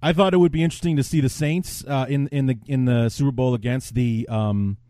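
A man's voice: medium pitch, fairly even intonation, a little fast, dark tone, dry recording, clean studio sound. A man hosting a podcast, thinking aloud and giving blunt, opinionated takes. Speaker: podcast host. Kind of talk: casual podcast chat.

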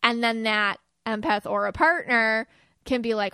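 A woman's voice: fairly high pitch, unhurried, sharp tone, clean tone, no room sound, clean studio sound. A woman hosting a podcast, talking casually with many fillers and acting out quoted lines. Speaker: podcast host. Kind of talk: casual spiritual podcast talk.

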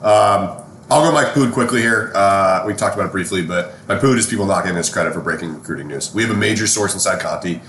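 Fast-talking man in an echoey room. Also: low-pitched, fairly bright tone, slight background noise. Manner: joking, argumentative. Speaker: podcast co-host. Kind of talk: casual banter podcast. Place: penthouse room before a live audience.

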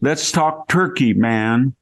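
A man's voice: mid-range voice, slow, dry recording, pitched above the performer's own voice. A man voicing a brash young woman with a Valley Girl accent, pushy and slangy in her talk.

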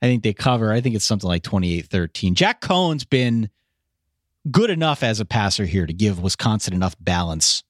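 Man, podcast co-host, lively pitch, dry close sound, casual sports chat. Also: a little fast, dry recording. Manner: animated, leads the segments.

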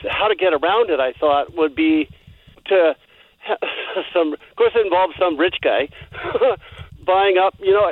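A man from Oregon calling in to a radio show, speaking in a hesitant, halting way with frequent chuckles. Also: fairly high pitch, no room sound. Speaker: caller. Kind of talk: phone-in conversation. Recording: tinny phone line.

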